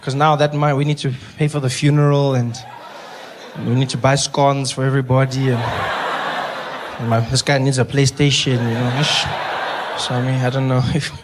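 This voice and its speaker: A man telling a story on stage as a stand-up comedian, animated and acting out voices. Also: medium pitch, normal speed, noisy background. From South Africa.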